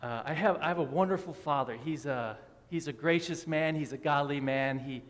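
Male preacher, 30s, light teasing banter with the pews, slightly high voice, long church reverb. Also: moderate pace. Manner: friendly, joking with the congregation. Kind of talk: sermon. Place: church sanctuary.

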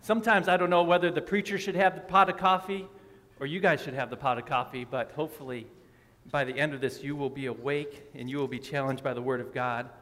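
A man's voice: mid-range voice, steady tone, fast talker, a bit bright. A man preaching a sermon in a church, friendly and joking with the congregation. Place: church sanctuary. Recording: long hall reverb.

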